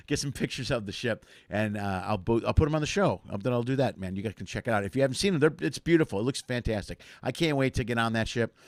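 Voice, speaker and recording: A man's voice: mid-range voice, dry recording, studio quality. Chatty rambling male livestream host. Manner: rambling, chatty, frequent fillers and restarts. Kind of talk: casual solo livestream chat.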